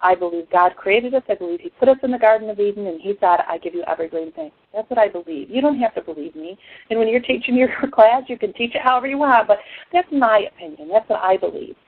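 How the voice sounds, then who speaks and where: A woman giving an emotional personal testimony to a class, an impassioned storyteller who swings between hushed and excited. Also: medium pitch, fast, slightly rough, dry recording. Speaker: essential oils class speaker. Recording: tinny phone-like dry sound.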